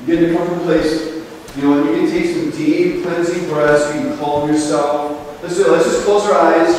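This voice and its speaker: A man leading a group through a guided healing meditation, speaking gently and slowly, heard from a distance in a large room. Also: on the high side, fairly even intonation, a little hiss or hum. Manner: gentle, slow, repetitive guidance. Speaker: ceremony leader. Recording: echoey hall, recorded from far off.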